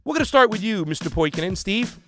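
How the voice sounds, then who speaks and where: A man's voice: high voice, expressive, fast, bright, forceful tone, soft background music. A man hosting a casual livestream trivia game, talking loosely with plenty of fillers and restarts.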